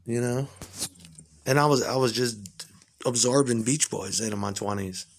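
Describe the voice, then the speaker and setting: A man, a musician, telling a rambling, profane story in a casual monologue and getting excitable as he retells it. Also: medium pitch, a little slow.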